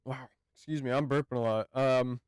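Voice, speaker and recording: A man hosting a casual game review, talking in a hesitant, halting way and often searching for words. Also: mid-range voice, fairly even intonation, clear, resonant tone, no room sound. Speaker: gaming channel host.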